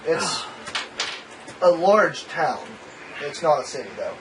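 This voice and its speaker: Young guy game master, kinda high voice, mic far off with noisy background. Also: big pitch swings, takes it slowly. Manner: laughs often, voices the characters in quotes. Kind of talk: narrating a tabletop game. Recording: distant mic with clear background noise.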